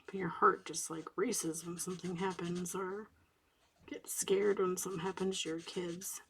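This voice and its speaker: A woman in her thirties, host of a coloring channel, chatting softly late at night while coloring, sometimes dropping into a whisper. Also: on the low side, level tone, normal speed. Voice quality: gravelly, husky voice. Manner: soft-spoken, drifting into whispers at times.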